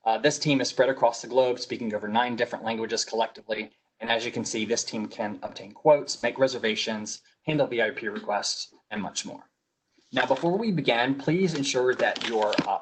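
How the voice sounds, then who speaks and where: A man's voice: mid-range voice, a bit bright, a little hiss or hum, poor audio. A man with a Southern US accent hosting a webinar over a video call, reading announcements politely with frequent fillers, a little sick. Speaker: webinar host.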